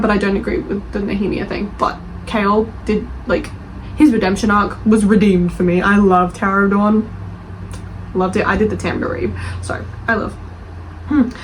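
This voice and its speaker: A woman's voice: mid-range voice, a little hiss or hum, poor audio. Gushing young woman reacting to book reviews. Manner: animated, gushing, defensive, laughs often. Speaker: book vlogger reading reviews. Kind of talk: casual reaction chat.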